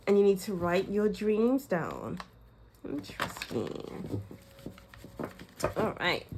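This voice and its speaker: A young woman reading tarot for her viewers in a casual, musing way, often searching for words and laughing softly. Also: medium pitch, background noise. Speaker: tarot reader.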